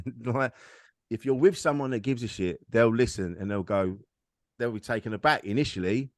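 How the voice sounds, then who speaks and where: A man's voice: medium pitch, normal speed, no echo, studio quality. A man, a comedian guest on a podcast, telling a personal story in a frank, rambling, self-deprecating way. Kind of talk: candid conversational storytelling.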